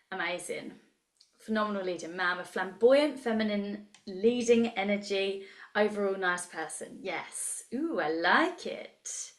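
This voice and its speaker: Speaking slowly and expressively in a medium pitch, this woman in her thirties leads a live online coaching group. She reacts to the chat with chatty enthusiasm, and the space around her rings with a roomy echo.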